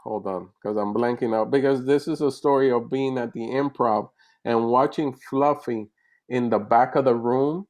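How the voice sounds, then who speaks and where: A man, a comedian, chatting casually in an interview over a video call, animated and rambling with restarts. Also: medium pitch, normal speed. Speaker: comedian guest.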